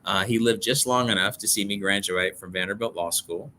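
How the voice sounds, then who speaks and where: Bright-voiced middle-aged man telling stories. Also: on the low side, a little fast, a little hiss or hum. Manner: earnest, emotional storyteller. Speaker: author guest. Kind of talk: storytelling interview talk.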